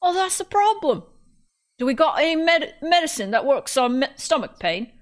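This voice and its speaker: A jittery male kidnapper with a clumsy put-on British accent, voiced by a woman. The voice jumps up high and stumbles over its words. Reading a visual novel aloud with voices. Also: big pitch swings, normal speed. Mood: worried. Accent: put-on British, admittedly poor.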